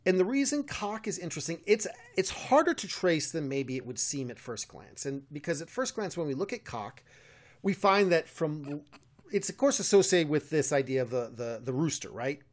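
This American man, a medievalist and podcast co-host, has a somewhat high, sing-song voice and talks at a moderate pace. In a casual conversation captured on a studio mic, he explains at length, with many fillers and restarts, and chuckles a lot.

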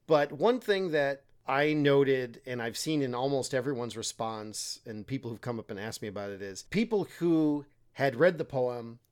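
A man co-hosting a podcast, explaining a medieval poem in a relaxed, self-deprecating way and acting out quoted lines. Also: mid-range voice, moderate pace, few pauses, smooth. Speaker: podcast co-host, literature teacher. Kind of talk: casual literary discussion.

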